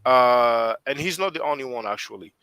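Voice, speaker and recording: A man's voice: medium pitch, animated, moderate pace, pushed and bright, clean tone, dry recording, poor audio. A man with a French accent hosting a casual live stream discussion, rambling and often restarting his sentences as he thinks aloud. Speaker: host.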